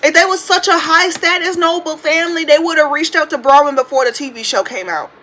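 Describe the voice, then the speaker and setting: A young woman in her twenties talks through a podcast monologue in a high, bright voice. She rants with loose slang and plenty of swearing, in a casual, animated way, recorded on a phone. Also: brisk, rough recording. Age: 20s. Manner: animated, profane, ranting with slang. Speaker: podcast host. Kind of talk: casual reality TV commentary monologue.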